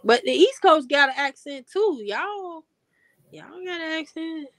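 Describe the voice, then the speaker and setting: A woman hosting a casual reaction livestream, chatting in an animated way, laughing often and stammering when she is unsure. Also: high voice, measured pace, no room sound. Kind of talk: casual chat.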